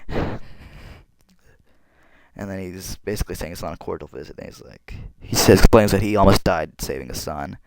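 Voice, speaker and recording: A man's voice: low-pitched, moderate pace, vocal fry, long pauses, dry recording. A man casually retelling a comic in his own words, rambling and leaning on "basically" and "like". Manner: rambling, filler-heavy retelling with lots of "basically" and "like". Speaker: fan summarizing a comic. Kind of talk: casual recorded commentary. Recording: noisy homemade recording with clicks.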